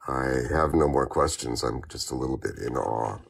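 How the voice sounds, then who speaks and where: A man chatting casually in a hesitant, soft-spoken way, his voice pushed lower than usual while he recovers. His tone is very deep and gravelly, and he sounds distant from the mic. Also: normal speed, no echo, soft background music. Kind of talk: casual chat.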